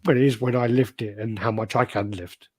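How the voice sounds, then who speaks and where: A man's voice: mid-range voice, fairly even intonation, a little fast, darkish tone, breathy edge, dry recording, clean studio sound. Swearing man retelling comedy bits. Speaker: podcast host. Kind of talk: casual chat.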